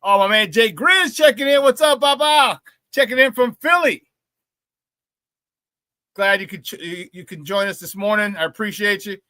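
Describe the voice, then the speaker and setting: A man with a high, bright, sharp voice hosts a live sports talk stream, bursting with hype and shouting catchphrases. He banters with viewers in the chat. The mic is close and dry, with no room sound. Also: normal speed, no echo. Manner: shouts catchphrases, loud and excitable. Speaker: sports talk show host.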